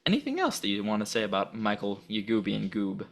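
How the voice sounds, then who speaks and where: A man with a gravelly, creaky voice co-hosts a laid-back podcast. He rambles eagerly, trips over his words and keeps breaking into giggles. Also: fairly low pitch, huge pitch swings, brisk. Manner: enthusiastic, giggly, rambling with restarts. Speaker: podcast co-host. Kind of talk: casual chat.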